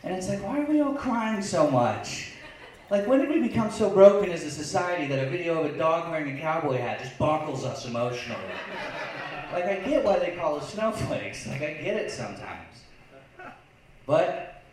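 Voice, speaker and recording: A man's voice: mid-range voice, a little mellow. A man doing a stand-up comedy set in a lounge, sarcastic and acting out online voices. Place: lounge stage before a live audience. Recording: very echoey, far from the mic.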